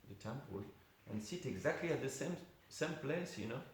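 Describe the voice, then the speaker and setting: A man's voice: medium pitch, lively intonation, normal speed. A man giving an informal class at a temple, telling a story conversationally with many asides. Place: temple hall. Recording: very echoey room with faint hiss.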